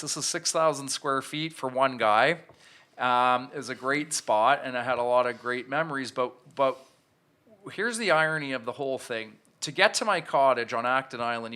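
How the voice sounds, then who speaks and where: A man's voice: medium pitch, pushed and bright. A man in his thirties, a podcast guest, telling a candid, self-reflective personal story with frequent restarts. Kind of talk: storytelling in an interview.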